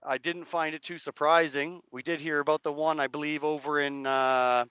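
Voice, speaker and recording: A man from Canada with a cracked, hoarse voice, rambling casually to viewers while live-streaming from a street rally. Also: a little high, level tone, moderate pace, sharp tone, no room sound, muffled recording. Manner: rambling, hedging, chats to viewers' comments.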